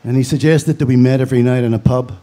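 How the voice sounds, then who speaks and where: A man's voice: mid-range voice, steady tone, fast talker, mellow. A man from Belfast with a Northern Irish accent, giving a eulogy with dry, storytelling humor. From Belfast, Northern Ireland. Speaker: funeral speaker.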